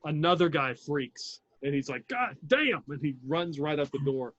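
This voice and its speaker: A man's voice: on the high side, fairly even intonation, moderate pace, highs cut off, slight background noise. A man narrating as game master of a tabletop role-playing game, casual and profane, with plenty of fillers. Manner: casual, swears, lots of fillers.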